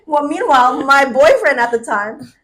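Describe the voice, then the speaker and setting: A woman in her twenties co-hosting a podcast, telling stories in an animated way with frequent laughter. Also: high voice, normal speed. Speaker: podcast co-host. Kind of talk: casual chat.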